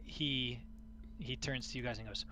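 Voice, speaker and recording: A man narrating a tabletop game as game master, halting and full of restarts. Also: medium pitch, fairly even intonation, pushed and bright, slight background noise.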